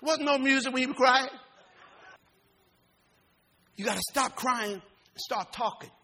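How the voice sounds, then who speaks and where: A man pastor preaching a sermon, folksy and informal, swinging from loud rising shouts to low quiet talk. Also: unhurried.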